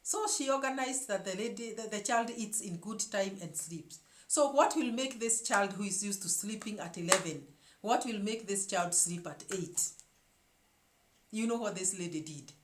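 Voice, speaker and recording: A woman in a middle-pitched voice tells her viewers a story in an emphatic, unscripted way. She often stumbles and repeats small words before pressing on. Her voice carries a noticeable echo from the room. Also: moderate pace, background noise. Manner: emphatic, repeats words while searching for them. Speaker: show host. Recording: echoey room.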